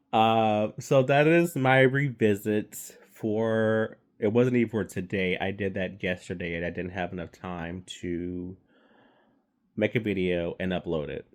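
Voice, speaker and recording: A man giving a casual, rambling movie review, swearing freely and stumbling through fillers and restarts. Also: on the low side.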